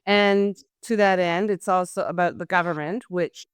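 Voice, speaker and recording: A woman hosting a political talk show, speaking in a measured, deliberate way. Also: fairly low pitch, steady tone, smooth, no room sound. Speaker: host.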